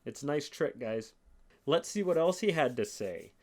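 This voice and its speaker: Guy ranting on his podcast, kinda high voice, swears a lot, sarcastic. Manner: animated, profane, sarcastic, reads quotes aloud slowly. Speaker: podcast host. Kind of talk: casual monologue commentary.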